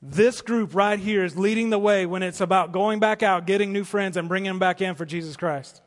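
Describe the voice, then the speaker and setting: A man's voice: high-pitched, brisk. Impassioned male pastor in a reverberant hall. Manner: impassioned preaching, rising to emphatic peaks and dropping to soft pleas. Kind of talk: sermon. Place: church auditorium.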